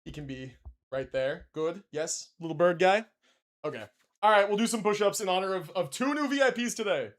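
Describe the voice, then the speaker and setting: High-voiced young man rambling on stream. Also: expressive, fairly quick. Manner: loose and rambling, many restarts and fillers. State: out of breath after push-ups. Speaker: livestreamer. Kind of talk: casual live-stream chat. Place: home room. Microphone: desk mic, moves away from it.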